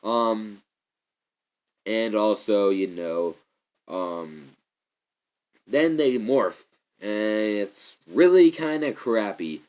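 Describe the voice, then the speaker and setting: A man rants casually into his camera about a movie, wandering off topic and bursting into loud mock voices. His pitch swings widely from low mutters to sudden highs. The sound is dull and lo-fi, as from a camera's built-in mic. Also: lively intonation, very slow, pauses often, clean tone. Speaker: vlogger reviewing a movie. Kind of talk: rambling casual rant to camera.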